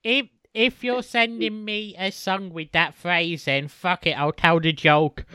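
Bright-voiced joking podcast man. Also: high-pitched, steady tone, clean tone. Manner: joking, halting restarts. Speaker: podcast co-host. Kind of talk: casual chat.

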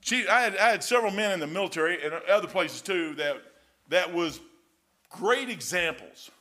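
Older male preacher, high-pitched, folksy rambling storyteller. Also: animated, normal speed, bright, forceful tone. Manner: rambling folksy anecdotes, says "man" often. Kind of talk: storytelling sermon.

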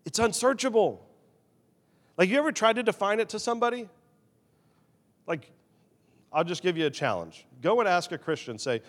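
A man preaching a sermon as pastor, animated, swinging between loud emphasis and quiet, confessional asides. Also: high voice, normal speed, pauses often, in a large hall.

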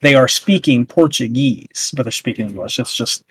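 A man's voice: medium pitch, lively intonation, moderate pace, a bit bright, slightly rough, no room sound. A man co-hosting a casual podcast chat, rambling with lots of fillers and restarts as he recaps a show. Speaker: podcast co-host.

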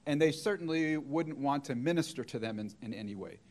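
A man's voice: mid-range voice, expressive, fairly quick, darkish tone. A middle-aged man preaching a sermon, retelling a story and acting out the quoted voices.

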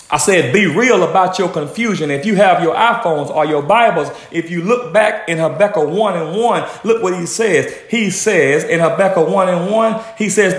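Male preacher, high and lively, rhythmic repeats, echoey sanctuary. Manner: animated, rhythmic preaching with repetitions and acted quotations. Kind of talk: sermon.

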